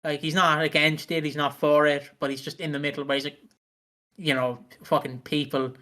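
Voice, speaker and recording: A man's voice: on the high side, flat delivery, brisk, bright, forceful tone. Giggly, chatty man. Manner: chatty and giggly, swears freely. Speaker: podcast co-host. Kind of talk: casual podcast chat.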